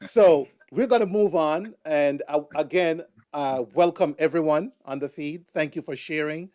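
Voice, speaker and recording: Slow-talking male live show host. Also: fairly high pitch, a little mellow. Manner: unhurried, with many fillers. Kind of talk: live online show hosting.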